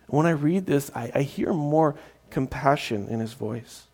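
A man's voice: on the high side, measured pace, a little mellow. A man preaching a sermon, often repeating his words and acting out crowd voices. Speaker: pastor.

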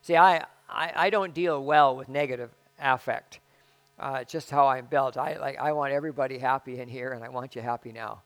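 A man preaching a conversational sermon as pastor, halting and self-deprecating, with frequent restarts. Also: medium pitch, a bit bright, smooth.

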